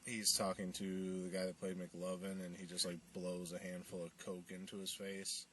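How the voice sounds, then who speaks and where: A man with a very low voice retells a movie in a loose, rambling way, full of fillers as he acts out what the characters say. He sits a little back from the mic, and a faint hiss runs under his talk. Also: flat delivery, normal speed, pushed and bright, recorded from a distance. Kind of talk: casual movie recap.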